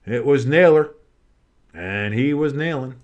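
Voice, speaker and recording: A man giving casual play-by-play commentary on a game, rambling and swearing between plays and bursting out with excitement on big ones. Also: mid-range voice, unhurried, lo-fi sound. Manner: rambling, swears, breaks off into nostalgic tangents. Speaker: play-by-play streamer.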